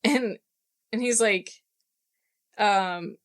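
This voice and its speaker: A woman chatting at a book club, retelling scenes in quick quoted dialogue with plenty of swearing. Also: medium pitch. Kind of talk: casual book club chat.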